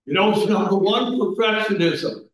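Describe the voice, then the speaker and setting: Guy preaching in a church, bit high voice, super echoey, mic kinda far off. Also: normal speed. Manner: preachy, swings from soft asides to raised exhortation. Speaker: pastor. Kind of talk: sermon. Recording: echoey room, mic at a distance.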